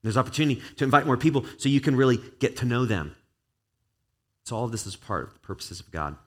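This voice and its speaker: A man's voice: medium pitch, very animated, fast talker, a bit bright. A man, a pastor, preaching an earnest and conversational sermon to his church, with a stretch of spoken prayer.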